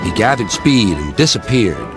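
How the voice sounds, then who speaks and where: Animated male storybook narrator. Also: on the low side, normal speed, music in the background.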